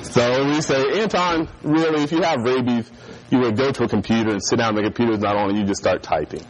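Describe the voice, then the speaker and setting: A man's voice: mid-range voice, a little fast, poor audio. A man preaching a sermon and telling a childhood story, acting out the voices of the people in it. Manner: animated storyteller who acts out voices.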